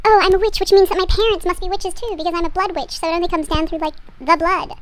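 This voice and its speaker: A woman's voice: extremely high pitch, steady tone, quick pace, pitched above the performer's own voice. A woman putting on the voice of a giddy, shy teenage witch girl, gushing and exaggerated.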